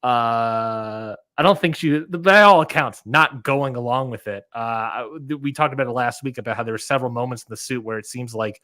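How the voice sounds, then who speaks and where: A man's voice: mid-range voice, fairly quick, hardly any pauses, bright, forceful tone, no room sound, clean studio sound. A man co-hosting a wrestling podcast in casual chat, rambling with lots of fillers and restarts. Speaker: podcast co-host.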